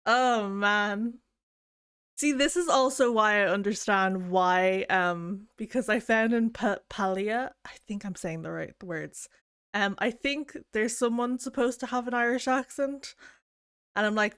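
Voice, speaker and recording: A woman's voice: medium pitch, a little slow, fairly bright tone, smooth, no echo, studio quality. A woman streamer chatting casually with viewers, rambling and self-deprecating with plenty of giggles. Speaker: game streamer. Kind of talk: casual chat.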